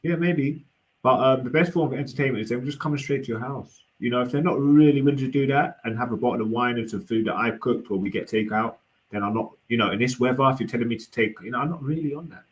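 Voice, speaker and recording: A man's voice: medium pitch, fast, low-quality recording. A young man on a livestream panel, rambling and hesitant, full of restarts and fillers. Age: young adult. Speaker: panel guest. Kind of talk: casual debate.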